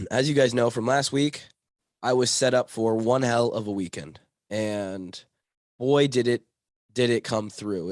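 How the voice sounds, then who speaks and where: Hoarse, rambling male podcast host. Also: lowish voice, no room sound, studio quality. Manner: rambling, self-correcting, chatty. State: hoarse from a cold. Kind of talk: casual solo podcast talk.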